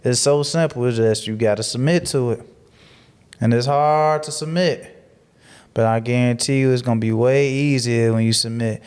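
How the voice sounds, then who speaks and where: A man's voice: medium pitch, steady tone, normal speed, darkish tone, smooth. Preachy, motivational man. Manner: preachy and motivational, repeats phrases for emphasis. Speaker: guest. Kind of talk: casual podcast interview.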